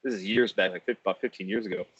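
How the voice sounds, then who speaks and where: A man hosting a podcast, telling a casual story in a profane, animated way and laughing often. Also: fairly low pitch, very fast, husky. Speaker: podcast host. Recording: dull, dry lo-fi podcast audio.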